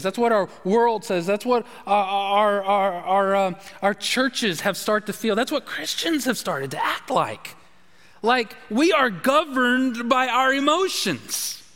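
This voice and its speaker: With a very high-pitched, slightly bright voice, a man preaches as pastor, forceful and repetitive and frequently starting his phrases over. His sermon echoes with long hall reverb.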